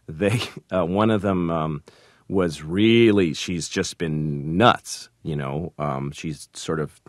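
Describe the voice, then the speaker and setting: A very low-voiced man tells stories in an interview, halting and self-deprecating. He acts out the quotes as he goes. The sound is dry and close. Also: a bit bright, no room sound. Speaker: comedian and sitcom creator. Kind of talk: interview storytelling.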